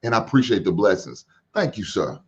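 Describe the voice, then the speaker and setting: A man's voice: lowish voice, big pitch swings, fairly quick, muffled recording. A middle-aged man hosting a reaction show, riffing in casual slangy banter and laughing along.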